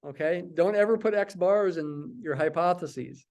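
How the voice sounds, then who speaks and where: A man's voice: sits high, moderate pace, darkish tone. A man teaching a statistics lecture, stressing points by repeating words and asking and answering his own questions. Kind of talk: recorded math lecture.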